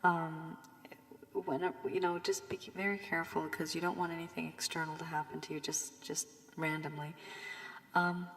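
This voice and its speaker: A woman with a low, gravelly voice talks through a tarot reading, still hoarse from a cold and now and then sinking to a whisper. She rambles with frequent fillers as she warns and advises. A long reverb trails behind her words. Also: level tone, moderate pace, fairly bright tone. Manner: loose and rambling with many fillers, warning and advising. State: recovering from a cold, voice strained. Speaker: tarot reader. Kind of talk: casual tarot reading monologue.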